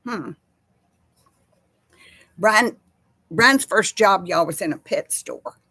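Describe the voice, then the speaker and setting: A woman's voice: mid-range voice, animated, slow pace, bright, forceful tone, slightly rough, no room sound. A middle-aged woman hosting a casual livestream chat, rambling from topic to topic and greeting viewers by name. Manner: rambling, chatty, laughs easily. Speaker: host.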